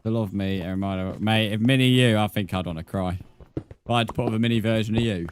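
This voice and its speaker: A man's voice: lowish voice, fairly even intonation, quick pace, a little hiss or hum. A young man streaming a game, bantering and joking with his chat and laughing often. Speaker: gaming streamer. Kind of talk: live-stream chat while playing.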